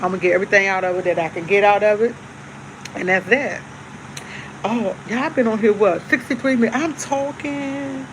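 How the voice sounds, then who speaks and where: A woman's voice: medium pitch, a little fast, noisy background. A woman hosting a casual live stream, chatting easygoingly to her viewers and repeating herself. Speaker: livestream host. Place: at home with coffee.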